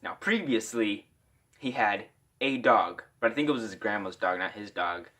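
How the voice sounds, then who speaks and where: A man's voice: on the low side, animated, moderate pace, sharp tone. A young man from Iowa telling a casual story-time tale, rambling with lots of "like" fillers.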